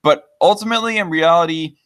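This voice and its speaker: A man's voice: a little high, fast talker, fairly bright tone. A man hosting a casual podcast, reading chat comments aloud and talking in a hesitant way with many fillers and restarts.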